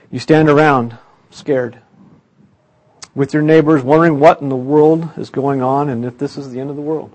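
A man preaching a dramatic sermon story, swinging between loud bursts and hushed, quiet passages. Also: mid-range voice, fairly even intonation, normal speed.

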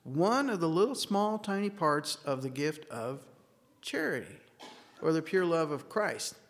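Gravelly man preaching in an echoing hall. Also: on the high side, sing-song, measured pace. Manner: earnest, storytelling, acts out quoted dialogue. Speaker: speaker giving a church talk. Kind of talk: sermon with a personal story. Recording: long reverb of a large room.

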